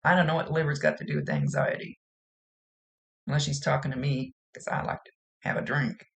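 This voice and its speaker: Gravelly-voiced woman giving a folksy reading. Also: low-pitched, big pitch swings, brisk. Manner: chatty, folksy and rambling. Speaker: psychic medium. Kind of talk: casual spoken mediumship reading.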